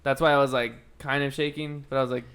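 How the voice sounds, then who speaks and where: A man's voice: quick pace, clear, resonant tone. A man co-hosting a casual podcast chat, rambling through stories and swearing freely. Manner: rambling storytelling, heavy swearing; lively, jumps into high voices when quoting. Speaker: podcast co-host.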